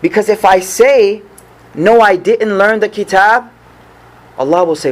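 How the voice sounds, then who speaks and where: Male preacher with a high voice and an American accent, earnest storytelling lesson. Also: measured pace, poor audio. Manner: earnest storytelling, repeats phrases for emphasis. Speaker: imam. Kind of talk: sermon lesson.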